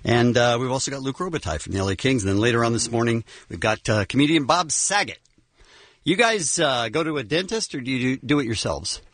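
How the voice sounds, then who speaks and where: Radio guy with a husky voice, swoopy and teasing, dry close mic. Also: medium pitch, fast talker, no echo. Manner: teasing, lively banter. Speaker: radio show co-host. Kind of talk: casual morning radio banter.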